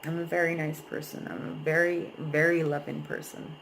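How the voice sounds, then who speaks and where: A woman's voice: sits low, level tone, moderate pace, vocal fry, a little hiss or hum, low-quality recording. A young adult woman vlogger venting candidly about a relationship, frank and emotional, swearing freely.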